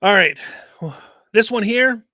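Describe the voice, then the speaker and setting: A man with a fairly high voice hosts his own casual commentary show, rambling animatedly and circling back to the same points again and again. He speaks slowly, close on the mic, and the sound is dry with no room around him.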